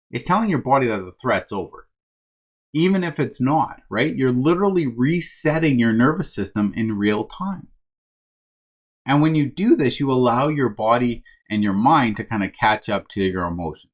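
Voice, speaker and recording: This man's motivational talk for first responders, given as their coach, is expressive and moderately paced, with a medium-pitched voice. It's conversational self-help, dotted with "right?" and "my friends."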